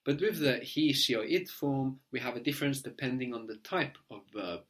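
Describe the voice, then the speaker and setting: A man's voice: medium pitch, expressive, normal speed, hardly any pauses, a bit bright. A man leads a one-on-one language lesson in a mid-range voice. He patiently prompts his student and spells words out letter by letter. He often tags a checking "no?" onto his explanations. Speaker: language teacher.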